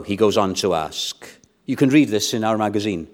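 A man preaching an evening sermon as pastor, measured in delivery and building to fervent exhortation. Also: fairly low pitch, animated.

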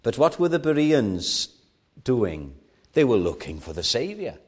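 A man's voice: mid-range voice, big pitch swings, unhurried, slightly rough. A man preaching a sermon at an evening church meeting, earnest and rising to fervent emphasis.

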